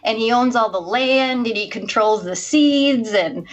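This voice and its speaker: A woman's voice: on the high side, a little slow, highs cut off. A woman who is a guest reviewer in a casual film review chat, speaking fluently and analytically.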